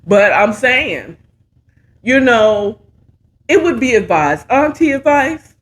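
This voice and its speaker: A woman's voice: a little high, very animated, slow, pauses often. A middle-aged woman giving casual, sassy, playful commentary while reviewing a talk show.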